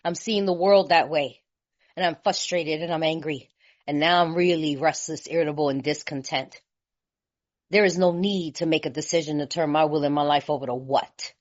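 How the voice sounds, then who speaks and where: A woman from California speaking at a recovery meeting, telling her story in a lively, colloquial way and laughing often. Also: deep voice, moderate pace. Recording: slightly muffled lo-fi recording.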